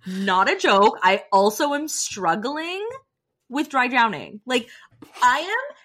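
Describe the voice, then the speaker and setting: A young woman co-hosting a podcast, telling stories in an animated way and laughing often. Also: on the high side, takes it slowly. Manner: animated storytelling, frequent laughter. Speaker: podcast co-host. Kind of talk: casual chat.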